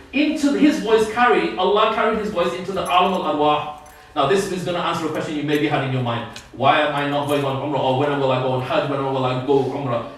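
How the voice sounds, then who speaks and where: A man giving an earnest Friday sermon, often repeating words as he gathers his thoughts. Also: fairly high pitch. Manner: earnest, repeats words while searching for them. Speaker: preacher giving a Friday talk. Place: prayer hall. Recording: very echoey room, mic far off.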